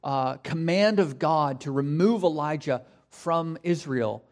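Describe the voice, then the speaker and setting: A man preaching a sermon in a conversational way, with casual asides and animated retellings. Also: on the high side, takes it slowly. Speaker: pastor.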